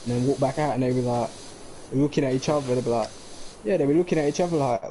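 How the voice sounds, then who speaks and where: A young man chats as a streamer over a game, rambling from one joke to the next. His voice is mellow and relaxed at a middle pitch. A faint hiss sits under the recording. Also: fast talker, low-quality recording. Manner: rambling, jokey, slips into mock accents. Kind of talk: casual chat while gaming.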